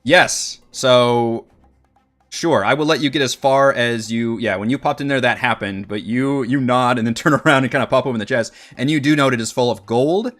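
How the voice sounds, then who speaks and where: A man narrating as dungeon master in an online tabletop game, relaxed, with many fillers. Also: medium pitch, normal speed, soft background music.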